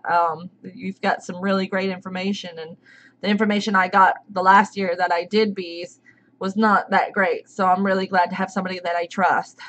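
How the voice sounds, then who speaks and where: A woman's voice: mid-range voice, fairly bright tone. A woman hosting a casual live stream, chatting and reading out viewers' names as they come in. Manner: chatty, greets viewers by name.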